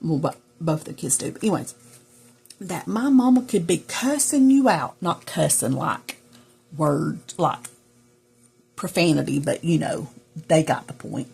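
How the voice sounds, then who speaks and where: A woman's voice: low-pitched, expressive, measured pace, gravelly, a little mellow, slightly rough, faint music behind. A middle-aged woman with a Southern US accent, chatting casually and rambling to viewers while she journals. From Southern United States. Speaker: journaling vlogger. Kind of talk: casual chat while crafting.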